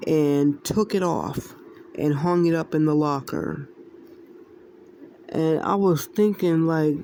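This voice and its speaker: Slow gravelly woman telling dreams. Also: low voice, mellow. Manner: rambling, repeats phrases, often laughs. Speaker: Christian video creator sharing dreams. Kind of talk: casual testimony to viewers.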